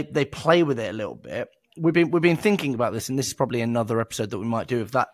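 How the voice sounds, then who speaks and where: Man, animated podcast co-host, laughs a lot, dry close sound. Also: mid-range voice, dry recording. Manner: animated, laughs often, acts out quoted voices. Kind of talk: casual sales podcast chat.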